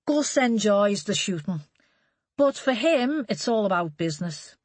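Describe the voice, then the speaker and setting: A knowing, gossipy middle-aged man trades rumours with a wry edge, as a woman narrator voices him. The delivery swoops up and down in a lively way. The audiobook sound is dry and close. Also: mid-range voice, unhurried, no room sound, voice pushed up. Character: genial middle-aged male shooting-set gossip. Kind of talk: audiobook character reading.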